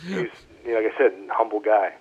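A man, a former baseball player, telling animated stories in a casual interview and quoting teammates as he goes. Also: on the low side, fairly quick, slight background noise. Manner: animated anecdotes, quoting others in voices. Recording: phone-line audio.

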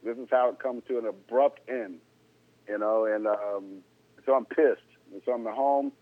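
A man's voice: mid-range voice, normal speed, no room sound. A man's slangy tale on a tinny line. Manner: laid-back, slangy, animated when incredulous. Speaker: former pro baseball player, guest. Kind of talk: casual storytelling interview. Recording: tinny phone-like sound.

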